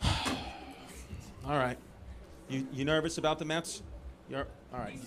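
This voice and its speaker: A man with a New York accent doing stand-up crowd work in a comedy club, teasing people in the front row with loose, quick jabs. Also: mid-range voice, fairly even intonation, noisy background. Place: comedy club stage with a live audience. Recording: loud laughing crowd in a club.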